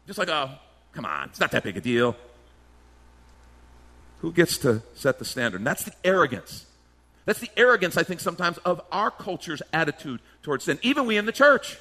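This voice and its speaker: A male pastor delivers a sermon with emphatic, questioning energy. His voice sits a little high and swoops widely as he drives each point home. The tone is bright and forceful. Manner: emphatic preaching with rhetorical questions and mimicked voices.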